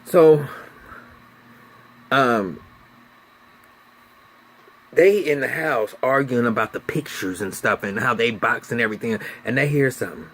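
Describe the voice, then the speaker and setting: A man with a mid-range voice recaps a TV episode at a measured pace, leaving long pauses. His delivery is loose and casual, full of swearing, and he tells the story with energy, slipping into the characters' lines along the way.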